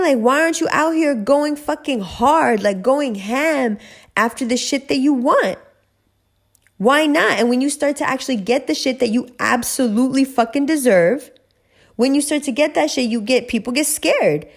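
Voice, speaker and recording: A woman's voice: sits high, vocal fry. A woman hosting a casual monologue, giving emphatic, profane and preachy advice straight to the listener. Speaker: podcast host, spiritual reader.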